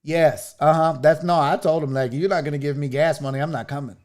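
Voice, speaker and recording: A man imitating a nonchalant, gossipy person chatting loudly on speakerphone. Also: fairly high pitch, fairly even intonation, fairly quick, voice pushed down, lightly acted.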